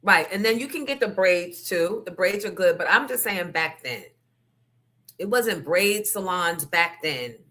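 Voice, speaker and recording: Brief: woman host, casual chat, bright and forceful tone, candid and salty. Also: on the low side, lively intonation, a little slow. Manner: candid, profane storytelling with asides to the audience.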